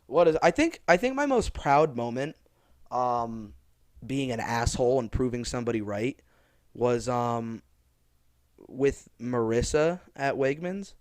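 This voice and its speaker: A man's voice: medium pitch, unhurried, no echo, clean studio sound. A young man co-hosting a podcast, chatting casually and acting out quoted lines with gusto. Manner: animated storyteller, acts out quotes loudly. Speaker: podcast co-host. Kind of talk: casual chat.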